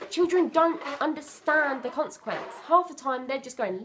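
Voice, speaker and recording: A woman's voice: high voice, expressive, normal speed, background noise. Earnest British woman talking parenting. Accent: British English. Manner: earnest, repeats herself, acts out parent and child lines. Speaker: parenting vlogger. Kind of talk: casual talk to camera.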